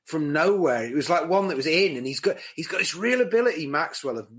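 A man's voice: on the high side, expressive, a bit bright, breathy edge. A man on a football podcast panel, going through the play in careful detail. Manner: detailed, measured analysis. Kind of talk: casual football podcast chat.

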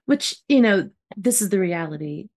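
A woman's voice: medium pitch, animated, normal speed, darkish tone. A woman co-hosting a casual spiritual podcast chat, talking in an earnest, rambling way with lots of fillers. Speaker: podcast co-host.

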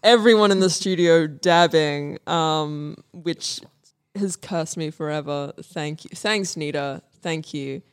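Giggly rambling podcast host. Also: female voice, low-pitched, slow pace, smooth. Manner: giggly, rambling, self-deprecating. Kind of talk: casual podcast chat.

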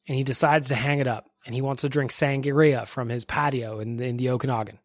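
A man's voice: mid-range voice, fairly even intonation, a little fast, few pauses, dry recording, clean studio sound. A young male podcast host chatting casually and enthusiastically, with self-deprecating humor.

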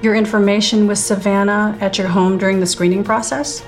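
An actress playing a businesslike exchange agency clerk speaking matter-of-factly. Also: female voice, medium pitch, level tone, a little fast, soft background music, close to an everyday voice. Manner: matter-of-fact.

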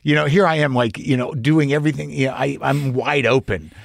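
A man's voice: medium pitch, a little fast, gravelly, no echo, studio quality. A man who hosts a podcast and acts, talking casually in a loose, profane and self-deprecating way. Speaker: podcast host and actor. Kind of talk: casual conversation.

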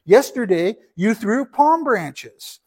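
A man voicing a proud young male donkey who shouts indignant demands in a read-aloud story. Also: high-pitched, sing-song, takes it slowly, husky, voice pushed up, full character voice.

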